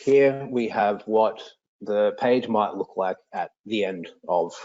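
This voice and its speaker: A man teaching, demonstrating software for a lesson in an explanatory, enthusiastic way. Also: slow, muffled recording. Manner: explanatory, enthusiastic, with lively pitch swings.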